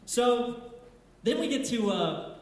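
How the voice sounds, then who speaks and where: Man with a high voice in an echoey bar. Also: takes it slowly. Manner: crude, rambling, deadpan delivery. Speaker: stand-up comedian. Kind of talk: stand-up set. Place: bar stage at open mic night.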